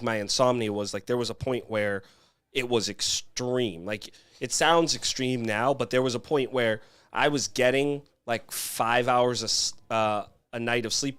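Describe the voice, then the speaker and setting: A man's voice: medium pitch, a bit bright. A man co-hosting a casual podcast, talking in an easygoing way full of fillers. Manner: easygoing, lots of likes and fillers. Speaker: podcast co-host. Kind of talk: casual chat.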